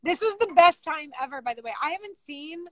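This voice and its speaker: A woman's voice: sits high, animated, a little fast, dry recording. A woman chatting as a guest on a casual live stream, gushing with praise. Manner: effusive and warm in praise. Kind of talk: casual chat.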